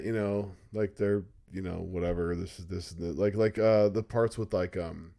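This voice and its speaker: A man's voice: fairly low pitch, expressive, moderate pace, mellow. Rambling young man chatting casually. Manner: rambling, filler-heavy, enthusiastic. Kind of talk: casual chat.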